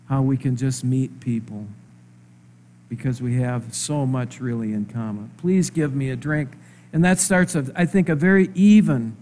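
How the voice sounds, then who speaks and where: A man preaching a sermon in a conversational way, asking his listeners rhetorical questions and stressing words slowly. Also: fairly high pitch, darkish tone, slight background noise. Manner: slow, emphatic phrasing.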